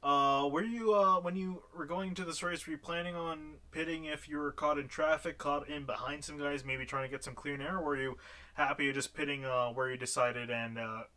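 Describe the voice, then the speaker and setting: Cheerful male post-race interviewer, bright tone, a bit high, loose and chatty. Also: fairly even intonation, moderate pace. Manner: filler-heavy, upbeat, laughs at his own slips.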